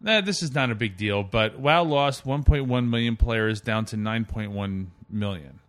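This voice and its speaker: A man hosting a casual gaming podcast, talking in a chatty, opinionated way as he runs through the news. His voice sits at an ordinary middle pitch for a man. He leads the talk and pushes his points along. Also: moderate pace. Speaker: podcast host.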